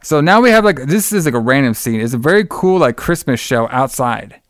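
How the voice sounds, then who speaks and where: A man's voice: mid-range voice, lively intonation, brisk, no echo, studio quality. A man in casual chat, retelling a movie plot in a loose, profane, rambling way and laughing often. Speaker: podcast co-host recapping a movie.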